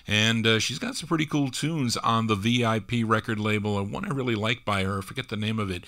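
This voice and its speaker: A man's voice: mid-range voice, expressive, quick pace, hardly any pauses, bright, forceful tone. A man hosting a live oldies record show as DJ, chatting casually between songs with rambling asides. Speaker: radio DJ host.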